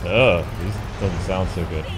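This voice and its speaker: A man's voice: low-pitched, measured pace. A man commenting on his own gameplay with wry, joking asides. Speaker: gaming commentator. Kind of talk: let's-play commentary. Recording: faint game music behind.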